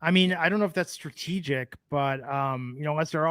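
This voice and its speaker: High-voiced man telling rambling stories. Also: a little fast, a bit bright, clean tone, no echo, studio quality. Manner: rambling storyteller, laughs often. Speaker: podcast co-host. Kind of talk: casual chat.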